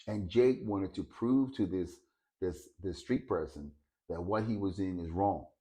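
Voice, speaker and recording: A man's voice: deep voice, unhurried, warm tone. A man casually telling a story, hesitating and repeating words as he searches for them.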